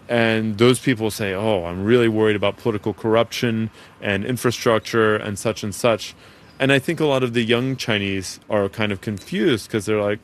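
A man in his forties from the United States, a writer talking as a radio interview guest, animated and acting out other people's words. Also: lowish voice. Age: 40s. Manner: animated, acts out other people's voices in quotes.

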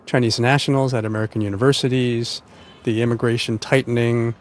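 A man hosting a public radio interview, asking questions in a measured, conversational way. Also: medium pitch, flat delivery. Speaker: radio host.

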